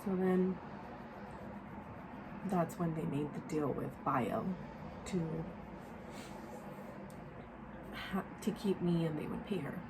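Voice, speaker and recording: Her voice sits low and moves slowly, with frequent pauses against a noisy background. As a young vlogger getting ready, she tells a personal story in a loose, candid way, packed with fillers and sometimes sinking to a whisper.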